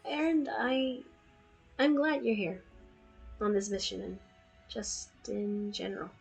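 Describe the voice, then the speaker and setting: A woman reading a young woman hunter's lines from a game, quiet and hesitant. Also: mid-range voice, fairly even intonation, slow, creaky, husky, faint music behind, exaggerated voice. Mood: tender.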